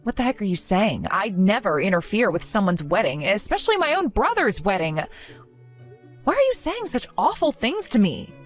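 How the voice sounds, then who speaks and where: A woman's voice: mid-range voice, very animated, normal speed, faint music behind. A woman voicing an earnest, bewildered young woman who pleads with a friend in a scripted drama. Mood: hurt.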